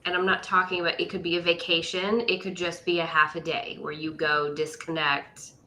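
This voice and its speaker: A woman's voice: lowish voice, little pitch movement, brisk, sharp tone, a little hiss or hum. A woman co-hosting a casual podcast chat, speaking thoughtfully and reflectively.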